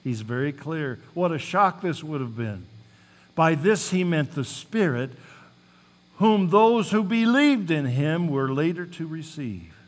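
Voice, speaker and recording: A male pastor with a fairly high, animated voice preaches at a measured pace. He reads scripture aloud with building emphasis, then shifts to plain talk and folksy storytelling between passages.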